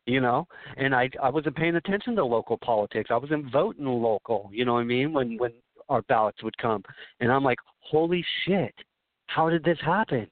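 A man from Southern California comes through a thin, tinny phone line with a dry, close sound. His voice sits at an ordinary middle pitch. He rambles and stresses his points, often restarting his sentences. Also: a little fast, no room sound. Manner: rambling, emphatic storytelling with many restarts. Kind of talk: talk radio conversation.

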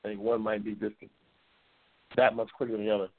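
A man hosting a casual live-stream chat, loose and excitable, repeating himself and reading viewer comments. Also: fairly quick, a crowd in the background. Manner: loose, excitable, repeats himself, bursts into high-pitched race calling. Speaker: talk show host reading viewer comments. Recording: tinny phone-like lo-fi audio.

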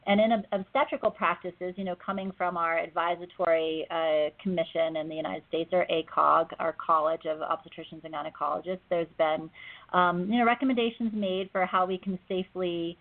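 A woman gynecologist answering interview questions, halting, with many fillers and restarts. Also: lowish voice, fairly even intonation. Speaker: gynecologist guest. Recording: tinny phone-like line.

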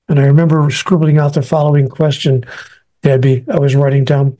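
A man's voice: fairly high pitch, level tone, brisk, warm tone. A man being interviewed as an author, telling a personal story earnestly and acting out the lines he quotes. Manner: earnest, acts out quoted speech.

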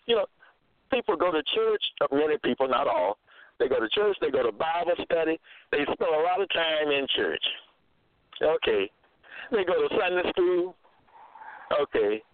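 A very animated man with a fairly high voice teaches from the Bible at normal speed, leaving long pauses, repeating himself and asking question after rhetorical question. There's no room sound; the audio is dry, phone-like lo-fi.

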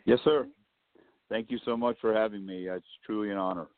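Deep-voiced man on a phone line. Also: fairly even intonation, background noise. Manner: grateful, measured, slightly halting. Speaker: guest, bereaved father. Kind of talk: interview answers.

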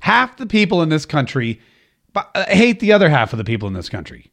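A man's voice: on the high side, huge pitch swings, a little fast, creaky, a bit bright. A male talk radio host delivering a political monologue, sarcastic and emphatic, repeating phrases for effect.

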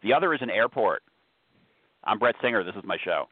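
This talk show host chats loosely in a casual podcast format, rambling and cutting himself off mid-sentence. His voice is on the low side, animated and a little fast, and the audio sounds tinny, like a phone line.

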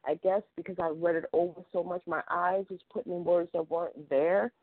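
A woman author chatting as a guest, an animated storyteller who acts out the dialogue in her stories. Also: lowish voice, a little fast, dry recording. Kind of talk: casual chat. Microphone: phone. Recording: phone line.

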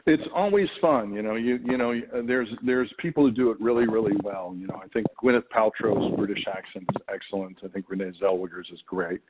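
A man's voice: lowish voice, brisk, few pauses, noisy background. A middle-aged American man, an actor, talking thoughtfully in an interview with many fillers and restarts. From United States. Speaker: actor guest. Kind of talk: casual interview talk. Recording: tinny phone-like line.

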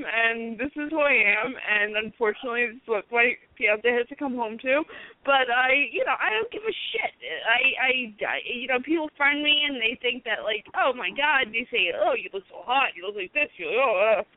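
A woman's voice: fairly high pitch, animated, a little fast, dry recording. A woman guest chef in crude, brash casual chat, swearing and laughing freely. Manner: brash, foul-mouthed, laughing. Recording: tinny phone line.

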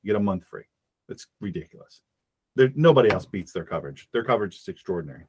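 A man's voice: deep voice, very animated, quick pace, slightly rough. A man hosting a fiery political talk radio show, preaching in an impassioned way and acting out little scenes.

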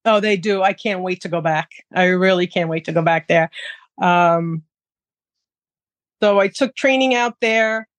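A woman's voice: fairly low pitch, a little slow, dry recording. A woman guest talking casually about teaching firearms classes, chatty, with frequent fillers. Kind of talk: casual interview.

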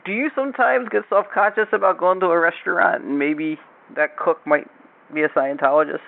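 Male podcast host, slightly high voice, rambling and chatty, thin phone-line audio. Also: steady tone, fairly quick, creaky. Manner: chatty, many fillers and restarts. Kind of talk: casual interview chat. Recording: tinny phone-line sound.

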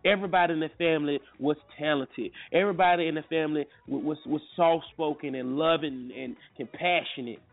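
A man's voice: a little high, fairly even intonation, a little fast, creaky, few pauses. Laid-back man on a tinny phone line. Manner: laid-back, repeats himself while talking. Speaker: host. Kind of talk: casual chat. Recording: tinny phone line, faint music behind.

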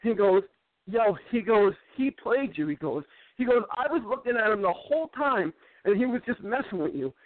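A man's voice: high voice, animated, moderate pace, dry recording. A man in casual chat telling rambling anecdotes, stammering into restarts and repeating words as he goes. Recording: tinny phone-like line, dry.

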